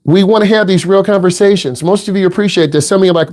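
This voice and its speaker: A man's voice: high voice, fast talker, a little mellow. A middle-aged man from the Midwest giving a driving lesson in a blunt, teasing, direct way. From American Midwest. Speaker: driving instructor. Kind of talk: casual instructional talk.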